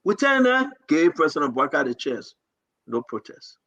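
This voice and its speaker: A man's voice: on the high side, big pitch swings, normal speed, gravelly, sharp tone, muffled recording. A man with a Liberian English accent, hosting a live talk show and pleading his case with passion and repetition.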